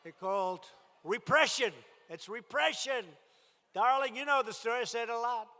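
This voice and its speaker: An American man giving a campaign rally speech in a large room, speaking emphatically in short, repeated phrases that often rise to a shout. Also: extremely high pitch, normal speed. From United States. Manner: emphatic, repetitive, punchy phrases, frequent shouts. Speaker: politician addressing a rally. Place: large crowded indoor room. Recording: big hall reverb, faint noise.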